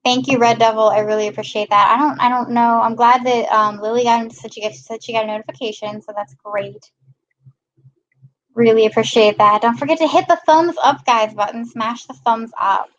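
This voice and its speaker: A woman's voice: fairly high pitch, fairly even intonation, normal speed, highs cut off. A woman hosting a casual live stream, chatting and greeting viewers by name. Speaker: live-stream host filling in.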